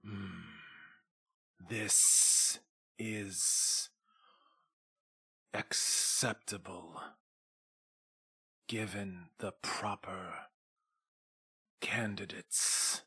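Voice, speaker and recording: A man doing a slow, whispering lizard lord. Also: fairly even intonation, bright, forceful tone, exaggerated voice. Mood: measured. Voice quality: low, slow, half-whispered rasp. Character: old male lizard lord, slow and menacing.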